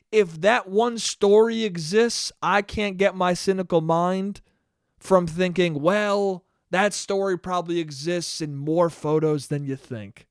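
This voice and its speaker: A man's voice: sits high, smooth, no room sound, studio quality. A young man hosting a solo podcast, ranting in a profane, self-mocking way and acting out the voices in his head. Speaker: podcast host. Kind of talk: solo comedic monologue.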